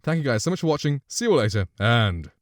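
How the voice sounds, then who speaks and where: This male streamer talks fast, with a medium pitch and big swings in intonation, and the recording has no room sound. Sitting up close to a studio condenser mic at his home streaming setup, he casually reviews and demos it, rambling chattily and often correcting himself.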